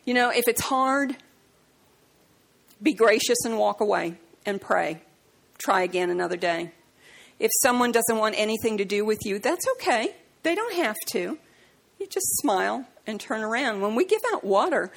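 A woman preaching a sermon, telling stories and acting out conversations in a raised voice, slowing down to stress key words. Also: expressive, gravelly. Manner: acts out dialogue in a high voice, slows for emphasis. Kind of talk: sermon with storytelling.

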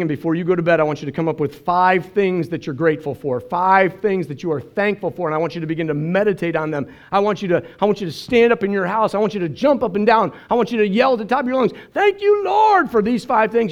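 A man's voice: high-pitched, fairly even intonation, very fast, few pauses. A man preaching a sermon as pastor, earnest and emotional, telling stories and quoting others. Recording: dull lo-fi sermon recording.

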